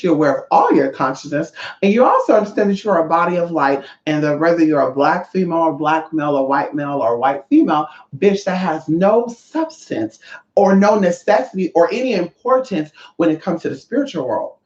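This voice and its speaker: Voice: medium pitch, animated, a little fast, darkish tone. Spiritual teacher for a vlog: brash, profane and sassy, recorded in an echoey room with slightly dull sound. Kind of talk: casual vlog monologue.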